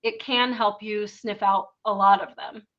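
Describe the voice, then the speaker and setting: A woman's voice: medium pitch, steady tone, measured pace, lo-fi sound. A woman co-hosting a podcast, chatting casually and sarcastically with many fillers. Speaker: podcast co-host. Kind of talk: casual chat.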